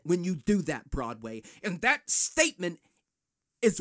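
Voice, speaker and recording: A man's voice: high-pitched, wildly swooping pitch, a little slow, a bit bright. A man hosting a solo podcast, ranting in a fired-up, profane way. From United States. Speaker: podcast host.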